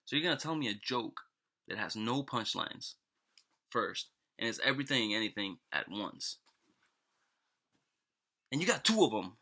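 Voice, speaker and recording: A man's voice: mid-range voice, very animated, normal speed, long pauses, pushed and bright. A man voicing an exasperated, swearing man newly arrived in heaven who keeps demanding answers. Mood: impatient. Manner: swearing, incredulous, pushy.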